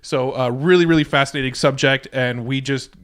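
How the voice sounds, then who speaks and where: A male podcast co-host with an everyday mid-range voice. He sets up the episode in a relaxed, upbeat, plain-spoken way. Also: medium pitch, fairly quick. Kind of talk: casual podcast intro and chat.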